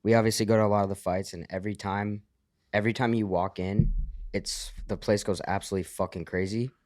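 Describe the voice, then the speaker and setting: A man's voice: lowish voice, fairly even intonation, fast talker, darkish tone, dry recording, clean studio sound. A man hosting a podcast, chatting casually with swearing and jokes. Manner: casual, profane, joking. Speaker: podcast host. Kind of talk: casual chat.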